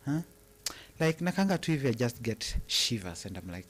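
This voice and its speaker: A Kenyan man co-hosting a relaxed live stream, speaking at an ordinary middle pitch. He muses aloud and circles back to repeat his phrases for emphasis, slipping in and out of Swahili. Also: brisk, slight background noise. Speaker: co-host. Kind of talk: casual live-stream chat.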